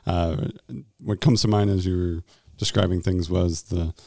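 A man with a very low, gravelly voice co-hosting a relaxed podcast, warm and mellow in tone. He listens closely and fills the gaps with soft affirming murmurs, recorded dry and close. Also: measured pace, dry recording. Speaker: podcast co-host. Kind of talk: casual chat.

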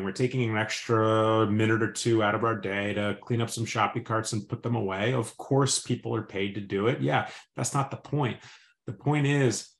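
A man's voice: mid-range voice, echoey room. A man hosting a podcast, talking in an earnest and reflective casual chat. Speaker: podcast host.

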